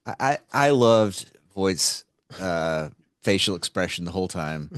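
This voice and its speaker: A man's voice: sits low, animated, measured pace, no room sound. A man co-hosting a podcast in casual chat, wry and analytical with a dry sense of humor. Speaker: podcast co-host.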